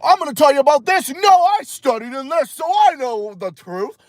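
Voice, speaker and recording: A man's voice: very high-pitched, lively intonation, normal speed, no echo, studio quality, voice pushed up. A man putting on the voice of a smug, pompous male internet expert who lectures everyone. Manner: pompous, self-satisfied lecturing. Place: inside a car at night.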